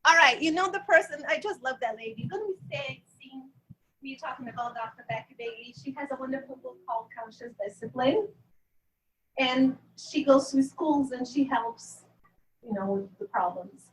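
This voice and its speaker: A woman's voice: sits high, normal speed, a bit bright. A woman presenting at a conference for parents, talking casually to the audience, chatty and laughing often at herself. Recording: echoey hall, mic far off, faint noise.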